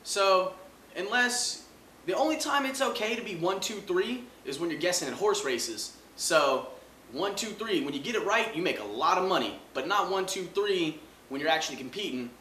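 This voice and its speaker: Brash animated man ranting about sports. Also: high voice, moderate pace, roomy sound, slight background noise. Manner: loud, animated riffing with mocking asides. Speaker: host. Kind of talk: comedic sports rant.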